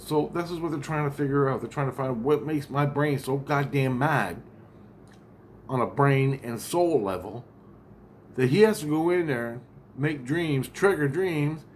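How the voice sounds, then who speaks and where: A man's voice: medium pitch, slight background noise. A man talking in a casual vlog monologue, rambling, agitated and heavily profane.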